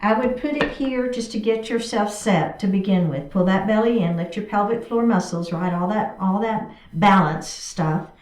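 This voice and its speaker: A woman's voice: medium pitch, a little mellow. A woman chair yoga instructor, cueing each movement step by step in an encouraging way during a guided class. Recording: echoey room from a distance.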